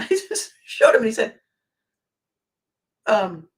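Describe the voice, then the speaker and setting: A woman's voice: a little high, big pitch swings, a bit bright. Rambling older woman podcaster. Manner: rambling, emotional, with frequent laughs and pauses. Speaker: podcast host. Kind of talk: personal monologue.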